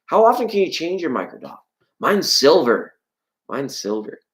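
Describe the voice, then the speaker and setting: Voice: normal speed, very noisy. Rambling, playful live tarot stream host. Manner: greets and answers viewers from chat; pitch leaps up suddenly when excited. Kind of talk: live-stream chat with viewers.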